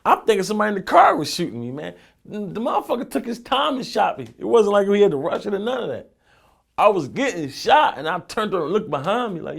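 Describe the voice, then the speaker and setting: A man's voice: high-pitched, very animated, quick pace, creaky, breathy edge. A young man from Philadelphia, a rapper being interviewed, telling loose streetwise stories full of profanity and "you know what I'm saying.". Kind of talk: casual interview storytelling.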